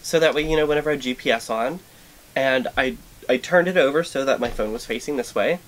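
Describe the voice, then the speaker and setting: A man co-hosting a casual chat, relaxed and finishing his partner's sentences. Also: mid-range voice, brisk. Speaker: co-host. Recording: noisy recording.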